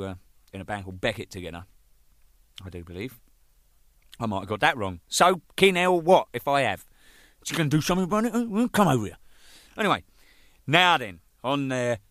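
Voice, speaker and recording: A man, a band drummer telling anecdotes in an animated way, swearing freely and laughing at his own jokes. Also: lowish voice, no room sound. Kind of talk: anecdotal storytelling.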